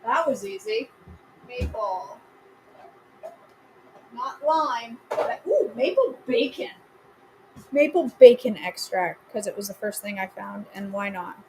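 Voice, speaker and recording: A woman's voice: mid-range voice, takes it slowly, pauses often, darkish tone, a little hiss or hum, low-quality recording. A woman hosting a live cooking stream from her home kitchen, chatting casually and answering viewers by name with playful, self-mocking humor.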